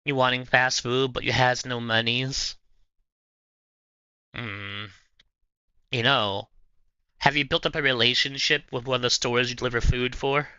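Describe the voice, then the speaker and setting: A man's voice: mid-range voice, fairly even intonation, a little slow, long pauses, sharp tone, clean tone, no room sound, highs cut off. A man hosting a livestream, casually chatting with viewers in a playful, rambling way. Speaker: livestream host. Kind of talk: casual chat answering viewers.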